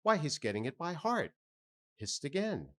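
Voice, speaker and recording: A man's voice: on the high side, very animated, normal speed, pitched above the performer's own voice. A man voicing a jovial middle-aged sailor who muses aloud with folksy asides. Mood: musing.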